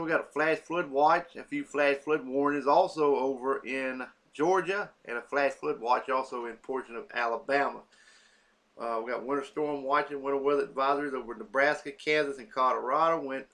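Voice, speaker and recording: A man's voice: medium pitch, sharp tone. A man giving a casual weather forecast, reading lists of cities off a map with many fillers.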